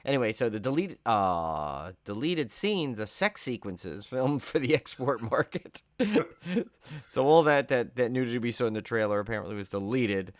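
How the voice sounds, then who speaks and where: A man's voice: medium pitch, lively intonation, normal speed, no room sound, clean studio sound. A tired man co-hosting a podcast in casual chat, rambling and joking as he drifts off on tangents. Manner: rambling, jokey, wanders off on tangents. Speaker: podcast co-host.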